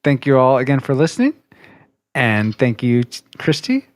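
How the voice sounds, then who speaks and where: A man's voice: medium pitch, very animated, moderate pace, no echo. A man hosting a casual podcast, joking and laughing with his co-hosts. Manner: laughing, playful teasing. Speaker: podcast host.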